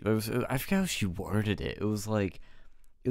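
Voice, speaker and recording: A man co-hosting a casual talk show, telling an animated story and mimicking the people in it. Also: on the low side, normal speed, no echo, studio quality. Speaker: podcast co-host. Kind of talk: casual chat.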